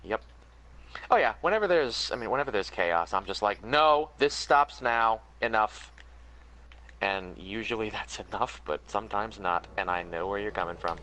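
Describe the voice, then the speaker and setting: A man chatting excitedly on a gaming stream who laughs a lot while he plays. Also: lowish voice, fairly quick, poor audio. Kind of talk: casual gaming stream chat.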